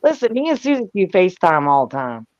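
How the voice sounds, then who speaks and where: A woman's voice: lowish voice, sing-song, fast, dry recording. Older woman, brash and profane, casual chat, dry dull lo-fi sound. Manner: loud, brash and profane, frequent laughter.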